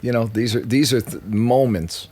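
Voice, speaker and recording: A man guest in an interview, telling stories in a loose, animated way, swearing freely and acting out what others said. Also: mid-range voice, moderate pace, husky. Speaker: musician guest. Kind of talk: casual interview storytelling.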